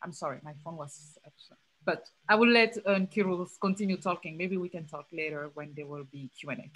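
A woman from Cameroon whose first language is French, speaking on a panel in a measured, hesitant way with fillers. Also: on the low side, a bit bright, rough recording. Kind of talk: panel discussion.

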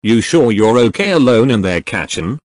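A man voicing a cheerful, gentle young male hero who teases and giggles, in a fan audio drama reading. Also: medium pitch, sing-song, moderate pace, no room sound. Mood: playful. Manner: giggly, teasing, apologetic.

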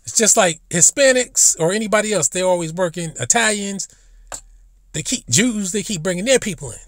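A man's voice: high voice, animated, moderate pace, a bit bright, no echo. A man ranting bluntly and profanely in a casual vlog monologue, recorded in a car. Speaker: vlogger.

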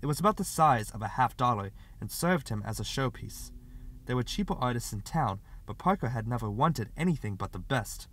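A man narrating a literary short story as an audiobook reader, in a steady, expressive way. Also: medium pitch, a little fast.

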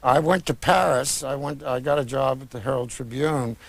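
A man's voice: mid-range voice, creaky, no echo. Older guy author talking about his books, rambly, lots of uhs and restarts. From United States. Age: 60s. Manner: reflective, meandering with many pauses and restarts. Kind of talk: conversational interview.

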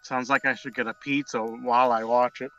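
A man's voice: medium pitch, little pitch movement, brisk, bright, forceful tone, faint music behind. A man in casual podcast chat, reacting wryly with swearing. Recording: dull, dry lo-fi recording.

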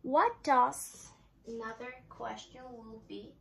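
Slow, careful woman teacher. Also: fairly high pitch, vocal fry, slight background noise, poor audio. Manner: slow, repeats phrases carefully for learners. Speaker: English teacher. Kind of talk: classroom language lesson.

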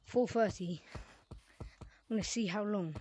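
A woman talking her way through a game round in loose, reactive running commentary, mostly muttering to herself at a middle pitch. Faint noise sits under her voice. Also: a little slow, warm tone. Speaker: gaming creator. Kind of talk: live gameplay commentary.

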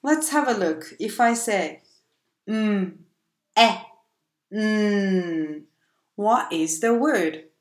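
A woman teaching a phonics lesson to small children, drawing out letter sounds and telling a gentle story. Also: medium pitch, animated, extremely slow, pauses often, echoey room. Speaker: preschool teacher.

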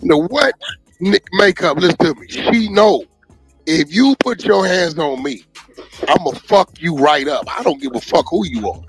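A man's voice: on the high side, expressive, moderate pace, husky, soft background music, low-quality recording. A man in a heated, profane livestream argument, confrontational and threatening. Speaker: music manager on a livestream.

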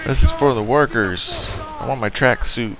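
A man giving casual, excitable commentary while playing a video game, reacting out loud and swearing often. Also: mid-range voice, normal speed, noisy background. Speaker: let's play gamer.

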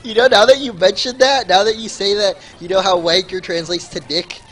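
A man's voice: high voice, fairly even intonation, brisk, fairly bright tone. A man from the USA hosting a gaming livestream, chatting and joking in a goofy, teasing way and laughing often. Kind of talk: casual joking chat over gameplay.

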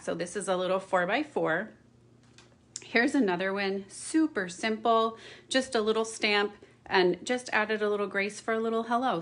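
A woman's voice: medium pitch, a bit bright. Chatty woman demonstrating card making. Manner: chatty, apologetic asides, checks in with "okay?". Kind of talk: casual craft tutorial.

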